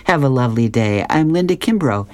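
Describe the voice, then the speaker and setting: A woman's voice: a bass voice, lively intonation, a little fast, a little mellow. A woman reading newspaper comic strips aloud on the radio, amused and laughing often as she acts out the characters' lines.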